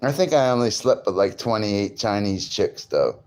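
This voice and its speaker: A man's voice: on the low side, animated, moderate pace, a little mellow. A man vlogging in a casual, rambling monologue, boastful and crude, often breaking into laughter.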